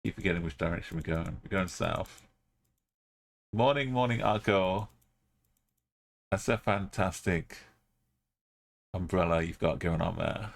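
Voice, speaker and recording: Guy on a live game stream, deep creaky voice, mutters his thinking out loud and greets chat. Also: steady tone, normal speed. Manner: thinking aloud, musing, chatting to viewers.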